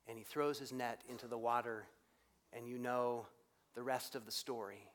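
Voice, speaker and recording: A man preaching a sermon in a reflective, conversational way, rising and dropping his voice for emphasis. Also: high-pitched.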